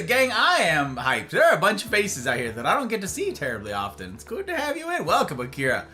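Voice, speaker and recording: Animated, bright-voiced man streaming. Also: sits high, quick pace, hardly any pauses, faint music behind. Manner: animated and playful, greeting chatters by name. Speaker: livestream host. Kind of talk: casual chat with viewers.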